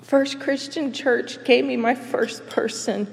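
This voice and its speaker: A woman giving a personal faith testimony, earnest and emotional, speaking in halting phrases with pauses. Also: high-pitched, steady tone, gravelly. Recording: long reverb, as in a large hall.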